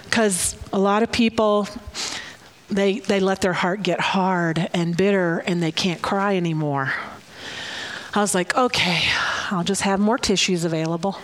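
A middle-aged woman pastor giving a sermon, emotional and often near tears, laughing between lively asides. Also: medium pitch. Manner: emotional, tearful, laughing and animated. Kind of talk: sermon with personal prophetic words.

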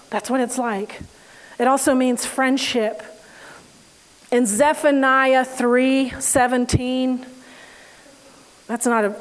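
A woman with a bright, high voice preaches in a relaxed, conversational way. She tells everyday stories with lively energy and laughter, then slows down and softens for scripture passages. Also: poor audio. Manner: animated, laughing storyteller who reads scripture slowly. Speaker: Bible teacher. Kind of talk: conversational sermon.

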